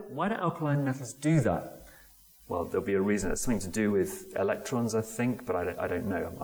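A man giving a conversational sermon, often pausing with fillers and restarting sentences. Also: lowish voice, a little mellow. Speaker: preacher. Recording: long hall reverb.

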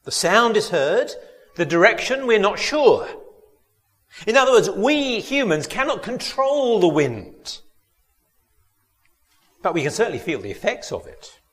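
Guy preaching a sermon, earnest, keeps asking the congregation questions, lively up and down voice, big echoey church. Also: sits high, a little slow, long pauses.

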